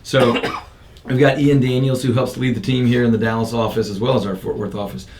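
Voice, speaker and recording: A man's voice: mid-range voice, flat delivery, fairly quick, darkish tone. A man hosting a casual podcast from an office studio, upbeat and talkative with loose fillers and restarts. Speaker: podcast host and real estate coach.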